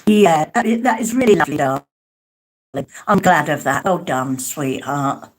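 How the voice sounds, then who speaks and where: A woman's voice: low voice, animated, moderate pace. A woman giving a live spirit mediumship reading, hesitant and calling her listeners darling and sweetheart.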